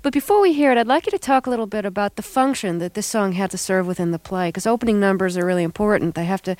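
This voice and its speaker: A woman's voice: medium pitch, fast, darkish tone, dry recording. A woman hosting a radio interview, asking curious, probing questions. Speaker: radio host. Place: radio studio. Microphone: studio mic.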